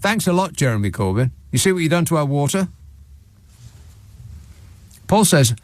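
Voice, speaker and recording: A man's voice: on the high side, very animated, unhurried, long pauses, dry recording. A man hosting a late-night talk radio show from a studio, delivering a sarcastic, mocking monologue and reading out listeners' messages.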